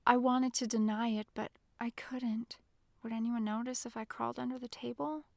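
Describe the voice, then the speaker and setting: High, dry-voiced woman narrating. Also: steady tone, moderate pace, creaky, no echo. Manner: emotional, soft-spoken storytelling. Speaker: audiobook narrator. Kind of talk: scripted first-person narration.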